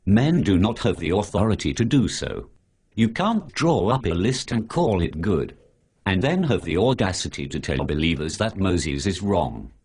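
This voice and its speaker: In synthetic dialogue from an animated short, a computer voice plays a sarcastic, preachy male superhero who lectures in long lists. The voice is very deep and rough, with wildly shifting pitch, an exaggerated delivery, and normal speed.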